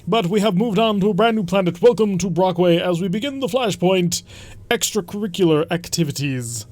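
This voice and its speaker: A man's voice: high voice, lively intonation, brisk, darkish tone. A man hosting a let's play, talking through his strategy in a chatty, rambling way with frequent self-corrections. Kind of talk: casual game commentary.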